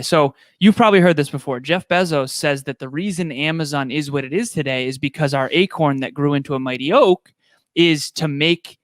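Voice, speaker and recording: A man's voice: medium pitch, dry recording, clean studio sound. A man hosting a coaching call, asking curious questions and explaining them plainly. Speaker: podcast host.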